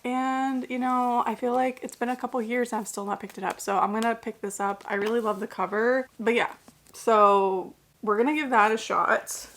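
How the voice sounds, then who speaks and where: A woman's voice: mid-range voice, a bit bright. A young woman chatting casually in a reading vlog, gushing and full of "like" fillers. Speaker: book vlogger.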